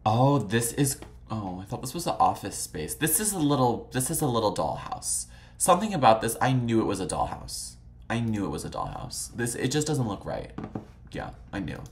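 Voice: medium pitch, very animated, normal speed, a little hiss or hum. A vlog host chatting casually while browsing old photos, gushing and swearing freely, full of dramatic exclamations and "like" fillers.

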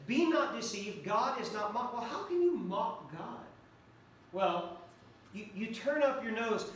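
High-voiced preacher in an echoey hall. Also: male voice, fairly bright tone, a little hiss or hum. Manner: earnest, repeats key phrases for emphasis. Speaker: pastor. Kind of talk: sermon. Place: church sanctuary. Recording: echoey church hall from far off.

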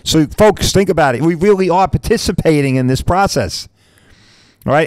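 A man's voice: a little high, animated, quick pace, darkish tone, clear, resonant tone, no echo. A man in his fifties, a podcast host, talking casually and bluntly, rambling and mild swearing, often asking "right?". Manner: chatty, keeps asking "right?".

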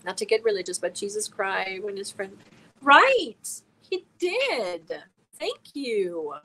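A woman's voice: mid-range voice, very animated, slow pace, bright, forceful tone, poor audio. A woman from Germany hosting a casual crochet livestream, talking earnestly and emotionally while reading viewer comments aloud. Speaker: crochet channel host.

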